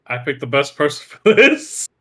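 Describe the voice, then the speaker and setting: A player in casual chat, drawn-out and dramatic in delivery. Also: mid-range voice, very animated, bright, forceful tone.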